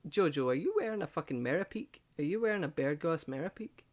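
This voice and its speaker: A man hosts a casual podcast in a voice that sits a little above the usual male range. He swears easily, laughs a lot and breaks off into quick asides. He talks to a guest on a video call. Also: a little high, expressive. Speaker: podcast host. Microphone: video call setup.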